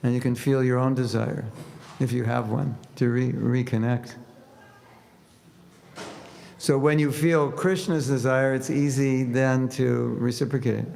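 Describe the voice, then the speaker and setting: Gravelly-voiced man preaching in a hall. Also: medium pitch, unhurried, long pauses. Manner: conversational, animated when quoting prayers. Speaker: spiritual teacher. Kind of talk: sermon with humor. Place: temple hall. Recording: reverberant hall with faint noise.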